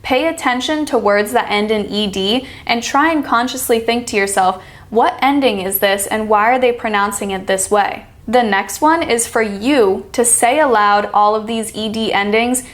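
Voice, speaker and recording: An American woman coaching pronunciation, saying each word slowly and clearly so it can be repeated. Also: on the high side. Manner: slow, demonstrating each sound. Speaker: accent coach. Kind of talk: pronunciation lesson.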